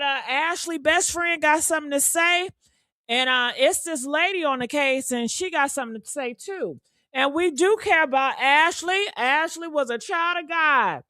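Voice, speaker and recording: A woman with a high, bright, sharp voice rants on a livestream. She is loud and fiery, swears freely and talks straight to her viewers. The sound is close and dry, with no room echo. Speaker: livestream host. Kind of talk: heated livestream rant.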